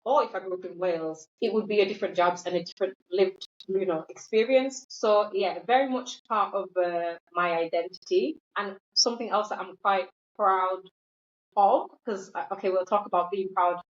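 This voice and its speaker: A young woman from Tanzania who was raised in northern England, a podcast guest talking in a reflective, halting way with frequent restarts. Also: medium pitch. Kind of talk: casual podcast chat. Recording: roomy, dull-sounding podcast mic.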